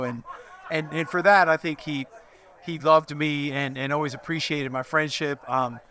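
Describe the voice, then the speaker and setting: Male, around 60, bright, sharp voice, measured and hesitant memorial tribute. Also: on the high side. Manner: measured, hesitant, many fillers. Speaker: old friend giving a eulogy. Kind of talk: memorial speech, reminiscence.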